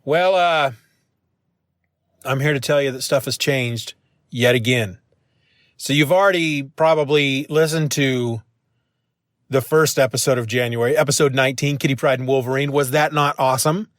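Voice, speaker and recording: A man's voice: mid-range voice, moderate pace, long pauses, dry recording, studio quality. Rambling, ranting podcast host, a man. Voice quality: rambling, animated, self-mocking ranting. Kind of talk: casual solo podcast monologue. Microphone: phone used as mic.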